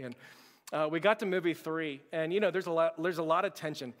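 A man's voice: a little high, steady tone, fairly quick, fairly bright tone. A man preaching a sermon to his church, earnest and direct, often repeating his words as he talks. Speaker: pastor. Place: church sanctuary. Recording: long hall reverb.

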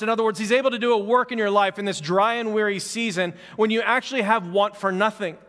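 A man's voice: high voice, fairly even intonation, fast, few pauses, a bit bright, in a large hall. A man preaching a sermon as a pastor, talking conversationally and repeating phrases with growing fervor. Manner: conversational, fervent preaching with repetition.

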